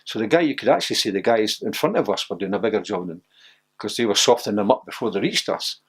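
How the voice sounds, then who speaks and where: Older Scottish man, ex-footballer, anecdotal and lively, a little husky. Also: on the low side, fast. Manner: storytelling, laughs often, acts out quotes. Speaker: former footballer interviewee. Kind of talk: reminiscing interview.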